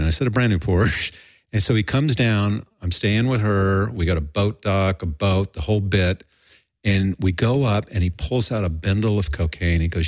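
A man's voice: deep voice, normal speed, no room sound, clean studio sound. An older man telling a rambling, profane story in a candid interview, acting out quoted voices. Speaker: guest.

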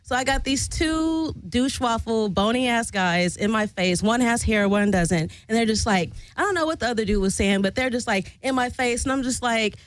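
A woman hosting a podcast, telling a bar-fight story in an animated, profane way and acting out the people she quotes. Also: normal speed, hardly any pauses, dry recording, poor audio. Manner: animated, profane, acts out quotes with big pitch jumps. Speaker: podcast host. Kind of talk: casual storytelling.

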